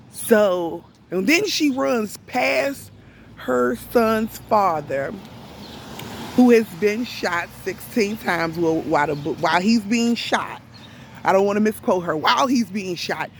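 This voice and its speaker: Woman storyteller, plain casual delivery, deliberate and emphatic, unhurried pace. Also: medium pitch, slight background noise. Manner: deliberate, emphatic, with rhetorical questions. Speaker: storyteller recounting an event to viewers. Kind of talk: casual spoken retelling.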